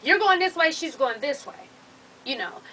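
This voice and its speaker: High, bright-voiced woman giving advice. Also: expressive, moderate pace, far from the mic, a little hiss or hum, low-quality recording. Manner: blunt, casual, with slang and swearing. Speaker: advice vlog host. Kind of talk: casual advice chat.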